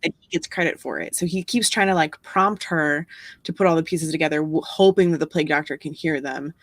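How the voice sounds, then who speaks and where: A book club co-host in casual discussion, calmly explaining and clarifying plot points. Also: mid-range voice, fairly quick, no room sound.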